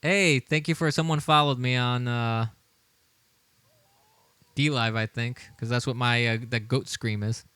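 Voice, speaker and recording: A man's voice: medium pitch, steady tone, measured pace, long pauses, bright, forceful tone, clean tone, no room sound. A man hosting a political livestream, talking with indignation, often repeating his words and chuckling as he reads the chat. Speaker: livestream show host.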